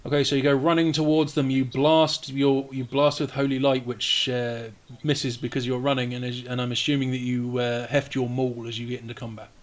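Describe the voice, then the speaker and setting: A man runs a tabletop game as dungeon master. He narrates in a relaxed, jokey way and swears freely, at a middle pitch. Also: fairly quick, hardly any pauses. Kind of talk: running a live tabletop game.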